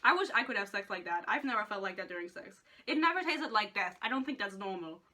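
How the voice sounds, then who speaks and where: A woman's voice: medium pitch, expressive, fast, pushed and bright. A woman in a casual book rant, exasperated, swearing often and laughing between points. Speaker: book reviewer.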